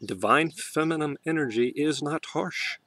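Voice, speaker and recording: A man talking to his camera in a heartfelt spiritual monologue, soft and emotional, often halting and restarting. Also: fairly high pitch. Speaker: vlogger.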